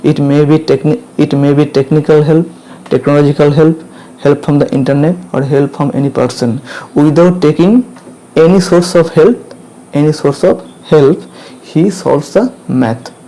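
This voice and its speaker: A man with an Indian English accent teaching English grammar, repeating each point and asking "clear?" to check understanding. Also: fairly high pitch, moderate pace, dark tone, low-quality recording. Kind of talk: slow classroom explanation.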